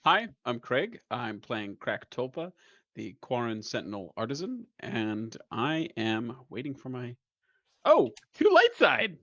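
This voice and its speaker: A playful male player speaks with a lively, swinging pitch. His voice comes through a dull, lo-fi microphone with a dry sound. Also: a little slow, no echo. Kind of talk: casual tabletop game chat. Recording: dull lo-fi mic.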